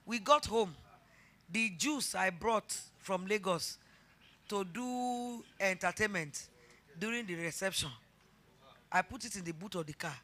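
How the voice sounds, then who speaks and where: A woman's voice: mid-range voice, measured pace, pauses often, sharp tone. A middle-aged Nigerian woman pastor preaching a sermon, telling a personal story and rising to fervent emphasis.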